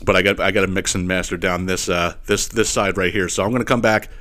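A man hosting a solo podcast, ranting in a profane, animated way with laughing asides and repeated "you know what I mean". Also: low-pitched, quick pace. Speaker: podcast host.

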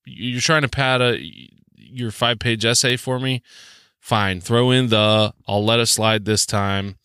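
A man's voice: medium pitch, steady tone, a little slow, sharp tone, clear, resonant tone, no echo, studio quality. A man with a Southern US accent hosting a rambling, joking solo podcast, full of ums and restarts. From southern United States. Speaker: podcast host.

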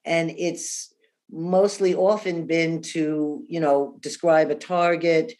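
Woman, interview guest, earnest, emotional, spiritual talk, halting restarts. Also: low-pitched, a little mellow. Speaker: interview guest, shaman and remote viewer.

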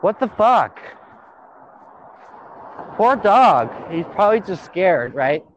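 A man hosting a casual podcast, excitable and swearing freely, often trailing off mid-sentence. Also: high-pitched, slow pace, a little hiss or hum. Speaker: podcast host. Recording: dull dry lo-fi sound.

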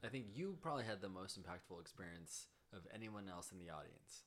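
A man chatting casually on a podcast in a lively, wry way. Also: deep voice, fast. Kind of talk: casual chat.

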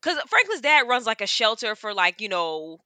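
Woman co-host, bright tone, animated storyteller, dry close mic. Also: on the high side, normal speed, no room sound. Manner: animated storyteller, acts out characters' lines. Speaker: podcast co-host. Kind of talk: casual chat recapping a TV show.

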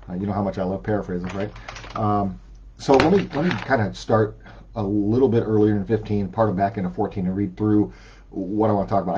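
A middle-aged man preaching an informal sermon, talking in a conversational, halting way with many fillers and restarts, and reading scripture aloud. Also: on the low side, mellow, husky, dull audio.

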